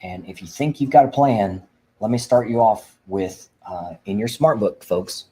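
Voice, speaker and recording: A man's voice: on the low side, moderate pace, warm tone, rough recording. A man hosting a livestream for veterans, preaching fervently and rambling with frequent restarts. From Indiana. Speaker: veteran advocate host. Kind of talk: livestream talk.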